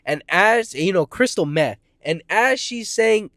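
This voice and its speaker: A man's voice: sits high, lively intonation, slow pace, no echo, clean studio sound. A man telling a personal story in a casual monologue, rambling and profane, jumping between tangents and acting out quoted lines. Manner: acts out quoted voices, shouting in heated moments.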